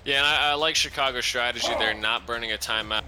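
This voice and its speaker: A man's voice: mid-range voice, quick pace, over music. Casual, rambling male color commentator. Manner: casual, rambling, many fillers and restarts. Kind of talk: live esports football commentary.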